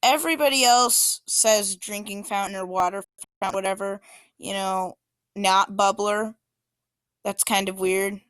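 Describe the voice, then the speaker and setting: A woman's voice: medium pitch, steady tone, a little slow, fairly bright tone, smooth, no echo. A woman giving an informal presentation about maps, talking casually with many fillers and small restarts. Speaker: student presenter.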